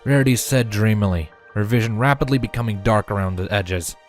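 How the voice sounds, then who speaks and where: A man narrating a fan fiction audiobook in a steady storytelling manner. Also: fairly low pitch, brisk, faint music behind.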